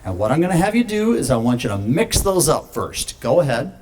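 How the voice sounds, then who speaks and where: A man's voice: fairly high pitch, sing-song, brisk, a little mellow, slightly rough. A man performing as a mentalist, joking with the crowd in showman patter. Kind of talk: stage patter. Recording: faint background ambience.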